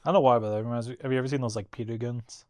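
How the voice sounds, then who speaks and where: A young man co-hosting a casual podcast, teasing his friends in a relaxed, hesitant way with many fillers. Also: medium pitch, rapid-fire. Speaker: podcast co-host. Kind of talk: casual chat.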